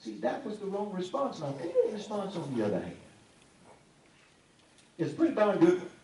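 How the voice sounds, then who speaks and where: A man preaching a sermon to a congregation, folksy and animated, teasing people in the pews. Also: sits high, normal speed, slight background noise. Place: church sanctuary. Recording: echoey room, mic at a distance, faint ambience.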